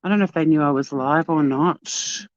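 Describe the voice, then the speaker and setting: A woman's voice: low voice, moderate pace, no echo. An Australian woman chatting casually to her live-stream viewers at a beachside cafe, bubbly and talkative. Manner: chatty, bubbly, talks to chat while walking. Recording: dull lo-fi phone audio.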